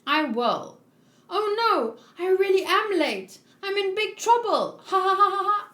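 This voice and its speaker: A woman's voice: very high voice, big pitch swings, unhurried, pushed and bright, reverberant, voice pushed up, exaggerated voice. A woman voicing a cheerful, giggling little girl during a manga read-along. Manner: bubbly, giggling, exaggerated.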